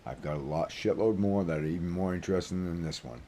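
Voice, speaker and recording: A low-voiced man in his sixties with a broad Maine accent, spinning a rambling yarn to camera. His tone is dark and mellow, and he swears freely as he goes. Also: quick pace. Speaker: vlogger. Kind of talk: casual storytelling.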